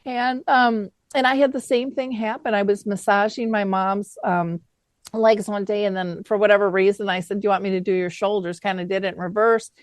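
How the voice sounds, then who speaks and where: A middle-aged woman hosting a talk show, telling an anecdote in a lively, conversational way. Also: medium pitch, brisk, dry recording. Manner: lively anecdotal, acts out quoted dialogue. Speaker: podcast host. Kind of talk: conversational storytelling.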